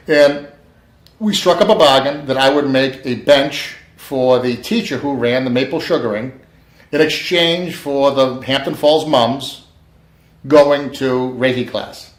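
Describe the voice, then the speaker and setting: A man telling a personal story casually, acting out the quoted lines of the people in it with lively emphasis. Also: mid-range voice, normal speed. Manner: animated, acts out quoted dialogue. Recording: echoey room.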